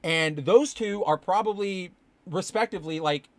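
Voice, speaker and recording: A man hosting a podcast, chatting casually about comics with a rambling, animated delivery that turns to swearing when he gets excited. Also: sits high, moderate pace, dry recording. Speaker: podcast host. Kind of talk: casual comic book commentary. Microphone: live stream with chat.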